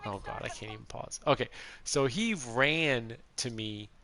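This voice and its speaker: A man's voice: mid-range voice, animated, measured pace, a crowd in the background. A man in his thirties giving casual, rambling commentary while playing a video game, laughing often. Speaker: gameplay streamer.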